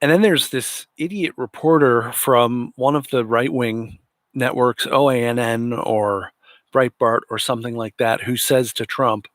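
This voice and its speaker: A man hosts a late-night political commentary livestream, his tone indignant and sarcastic. His voice sits at a middle pitch. It is recorded close and dry, with no room sound. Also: measured pace, fairly bright tone, no room sound. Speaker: livestream host.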